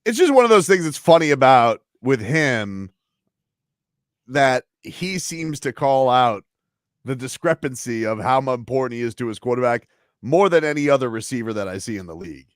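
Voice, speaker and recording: A man of middle pitch co-hosting a sports radio show, measured and wry, with a teasing edge. His voice is close and dry, with no room sound. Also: lively intonation, dry recording. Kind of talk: casual sports talk.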